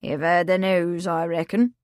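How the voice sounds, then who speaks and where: A woman voicing a lank, gloomy old countryman who speaks slowly and mournfully in a lowered voice. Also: flat delivery, darkish tone, no echo, studio quality, lightly acted. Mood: matter-of-fact.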